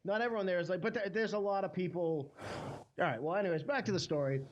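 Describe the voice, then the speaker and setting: A man's voice: high voice, quick pace, slight background noise. A man co-hosting a podcast and telling a history story in a casual, rambling, jokey way, with lots of filler words. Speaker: podcast co-host. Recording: slightly muffled podcast audio.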